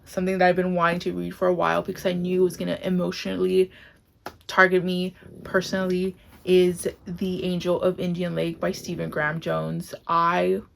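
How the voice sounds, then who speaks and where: A woman's voice: lowish voice, monotone, moderate pace, vocal fry, slight background noise. A woman reviewing books to camera in a casual vlog, gushing and emotional, close to tears, with many "like" fillers. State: tearful, close to crying. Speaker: book vlogger. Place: home, on camera.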